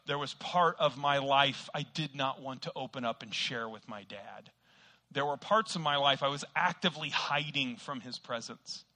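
A middle-aged male preacher with a very bright, ringing voice. He tells a self-deprecating story in a folksy way, then breaks into sudden loud bursts before returning to his lesson. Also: medium pitch. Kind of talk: sermon with personal story.

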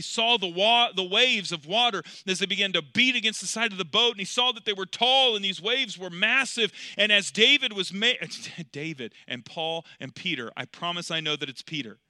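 A male preacher with a high, piercing, very bright voice delivers an evening sermon. He builds to loud, emphatic peaks, then drops into hushed, intimate stretches. The recording is close and completely dry. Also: dry recording. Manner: repetitive preaching cadence with rhetorical questions.

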